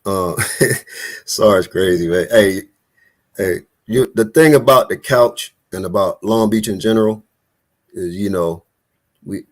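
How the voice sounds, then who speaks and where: Host type: low-voiced man, animated street-casual preacher on a live call. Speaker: host of an online Bible study talk.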